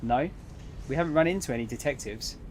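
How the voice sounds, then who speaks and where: A man reading the lines of a timid but stubborn young woman in a visual novel, in a soft, hesitant yet insistent way. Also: mid-range voice, fast talker, a little hiss or hum, lightly acted. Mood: earnest.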